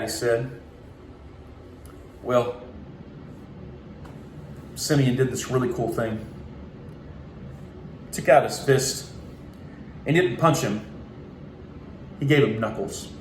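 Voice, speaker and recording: Energetic man giving a keynote in an echoey room. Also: medium pitch, slow, pauses often. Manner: energetic, acts out voices in his stories. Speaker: keynote speaker. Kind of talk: motivational keynote storytelling. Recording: echoey room, faint ambient noise.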